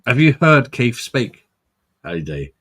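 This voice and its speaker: A man's voice: medium pitch, big pitch swings, slow pace, fairly bright tone, breathy edge. A man hosting a casual drinking livestream, tipsy, swearing and laughing often. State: drunk. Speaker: host.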